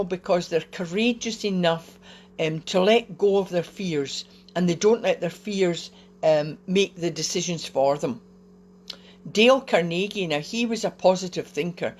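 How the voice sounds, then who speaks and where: A woman giving a casual motivational talk on a live video from home, chatty and encouraging, with small laughs and fillers. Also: lowish voice. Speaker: host of a live wellbeing video.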